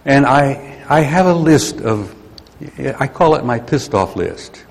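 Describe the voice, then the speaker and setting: A man's voice: medium pitch, lively intonation, takes it slowly, vocal fry. An older man giving a rambling, grumpy, folksy talk to an audience. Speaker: speaker addressing an audience. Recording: long hall reverb.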